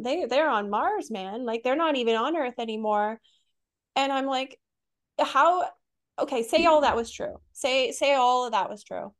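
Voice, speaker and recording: A woman speaking as a guest on a casual podcast, candid and a little wry, with plenty of "like" and "you know." Her voice sits on the higher side, and her tone is relaxed and conversational. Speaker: guest, psychic medium.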